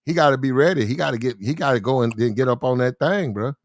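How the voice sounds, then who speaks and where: A man's voice: medium pitch, fast, no room sound, studio quality. A man co-hosting a casual chat, laid-back and agreeable, telling stories.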